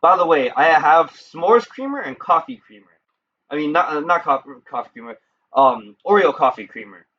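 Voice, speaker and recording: A man's voice: fairly high pitch, lively intonation, moderate pace, highs cut off. A man streaming a game, chatting casually in a rambling, joking way with some swearing. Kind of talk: casual gameplay stream chat.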